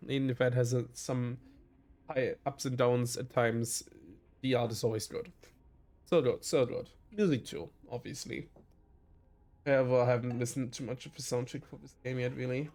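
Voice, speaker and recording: A man's voice: medium pitch, darkish tone. A man with a German accent streaming a game, enthusiastic and self-deprecating, reading text aloud. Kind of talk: let's-play commentary and reading aloud.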